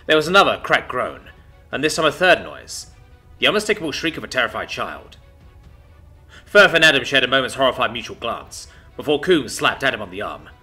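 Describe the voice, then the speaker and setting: A man's voice: medium pitch, big pitch swings, fairly quick, sharp tone, faint music behind. A man narrating a sci-fi story in a dramatic, scripted storytelling style.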